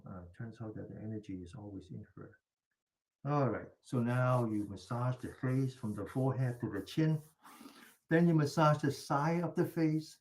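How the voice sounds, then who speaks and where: A man calmly talking a group through self-massage, step by step, sometimes whispering softly. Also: medium pitch. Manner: calm step-by-step directions, drops to a soft whisper for repeated words. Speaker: mindfulness instructor. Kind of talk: guided self-massage instruction. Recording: echoey room.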